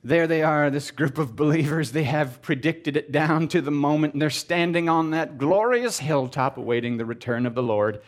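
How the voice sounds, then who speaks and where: This is a man preaching to a live crowd and playing it for laughs. His voice sits fairly high, and he swings from loud, sarcastic exclamations to quiet, muttered asides. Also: moderate pace, few pauses. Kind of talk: comedic sermon talk to a live audience.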